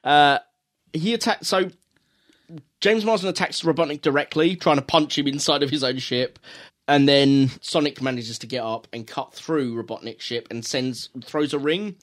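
A man's voice: on the high side, moderate pace, a bit bright. A man from the UK co-hosting a casual film review chat, recapping scenes at length with fillers and restarts. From United Kingdom. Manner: rambling recaps with fillers and self-corrections. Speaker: podcast co-host.

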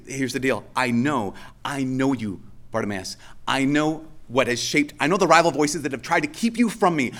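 Jesus, earnest and gentle, as a preacher quotes him. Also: male voice, a little high, natural voice. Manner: earnest, repeating phrases for emphasis. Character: compassionate gentle man speaking to a blind beggar.

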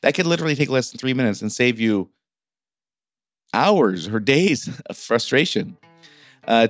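A middle-aged man hosting a solo business podcast, talking informally and often stumbling and restarting his sentences. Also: fairly low pitch. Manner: informal, stumbling over words with many restarts. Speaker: podcast host and business coach.

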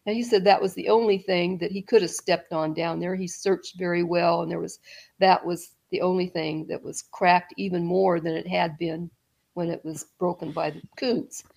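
Rambling middle-aged woman with a gravelly voice. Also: on the low side, steady tone, moderate pace. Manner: rambling, with restarts and soft laughs. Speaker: guest. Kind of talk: casual storytelling interview.

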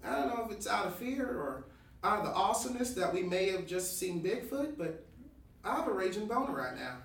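An actor playing a crude, boastful male park ranger who talks loudly and excitably. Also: high voice, brisk, full character voice. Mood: banter. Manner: loud, brash and excitable. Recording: roomy, distant-mic recording.

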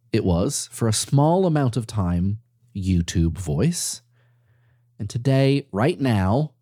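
A man with a low, mellow voice hosts a podcast and narrates from a script. He tells his story playfully, and his voice jumps up high when he makes a point. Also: husky. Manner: playful, animated storytelling with sudden leaps in pitch. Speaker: podcast host.

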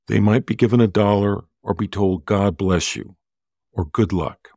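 Slow, deep-voiced man telling a personal story. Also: a little mellow, dry recording, clean studio sound. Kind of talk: personal story told to an audience.

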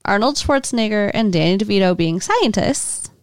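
Female co-host, animated pitch, teasing and dry, keeps steering the casual review chat back on track. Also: moderate pace, clean tone, no room sound. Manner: teasing, tries to steer the talk back to the movie. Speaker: podcast co-host. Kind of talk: casual movie-review banter.

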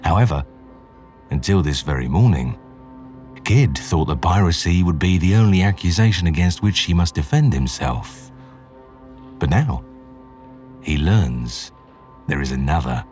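Man, extremely low voice, podcast host, scripted dramatic narration, measured delivery, faint music behind. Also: animated, a little mellow. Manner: measured, slow storytelling.

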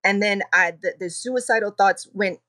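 A woman's voice: medium pitch, pushed and bright. A woman who is a podcast guest, telling a personal story in an earnest, emotional way. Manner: earnest, emotional, quick recounting.

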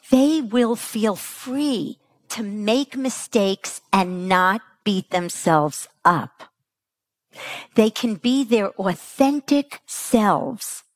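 A middle-aged woman gives a parenting talk in an unhurried, deliberate way. Her pitch swings widely as she acts out little quotes. Her voice carries a gravelly edge and sounds dry, close to the mic. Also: no room sound. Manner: animated, acts out quotes with big pitch jumps. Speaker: parenting coach speaker. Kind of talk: motivational talk to an audience.

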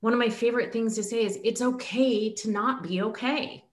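A woman's voice: fairly high pitch, moderate pace. A woman hosting a casual podcast conversation, frank and emphatic, swearing casually. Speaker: podcast host.

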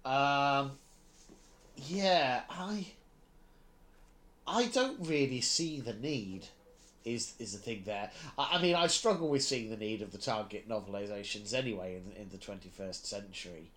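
A man's voice: medium pitch, lively intonation, measured pace, fairly bright tone. A man co-hosting a podcast in casual chat, hesitant and self-deprecating, laughing easily. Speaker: podcast co-host.

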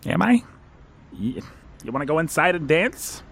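A man's voice: on the high side, big pitch swings, normal speed, creaky, a bit bright, husky, exaggerated voice. A man voicing a nervous young man who stammers, laughs nervously and turns tearful while proposing, in audio drama acting.

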